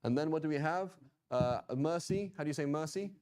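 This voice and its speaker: A man's voice: fairly high pitch, brisk, darkish tone, smooth. A man teaching a class in a casual, talkative way, often checking in with "right?" and "okay?" and adding joking asides. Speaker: Quranic Arabic teacher. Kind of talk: informal class lecture.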